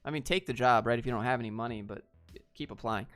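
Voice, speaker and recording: A man's voice: mid-range voice, fast, fairly bright tone, smooth, faint music behind. Laid-back man answering live chat. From Georgia, US. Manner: laid-back, reads viewer questions aloud and answers bluntly, says dude. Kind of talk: casual livestream chat.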